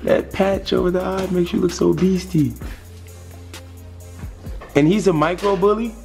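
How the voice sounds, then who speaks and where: A man's voice: sits high, measured pace, gravelly, a little mellow, soft background music. A young man vlogging casually at home, talking playfully and dotingly to a new puppy. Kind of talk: casual vlog chat.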